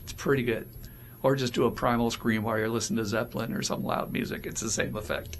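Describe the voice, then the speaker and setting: A man with a gravelly, fry-edged voice co-hosts a casual recovery podcast. He talks openly and animatedly, slipping into quoted voices as he goes. Faint background noise sits under the recording. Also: medium pitch, steady tone, fast talker. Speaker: podcast co-host.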